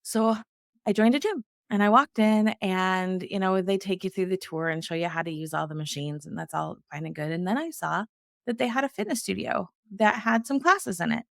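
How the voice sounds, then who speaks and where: A woman's voice: medium pitch, moderate pace, creaky, fairly bright tone, no echo, clean studio sound. A middle-aged woman, a guest in an interview, telling her personal story earnestly and acting out the dialogue she quotes.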